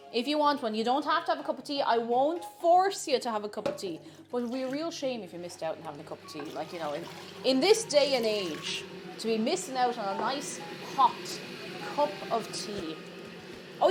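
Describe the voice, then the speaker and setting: Lively, playful Irish woman. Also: on the high side, fairly quick, over music. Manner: playful, teasing, joking with chat. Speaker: streamer. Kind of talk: casual chat while baking on stream. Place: home kitchen.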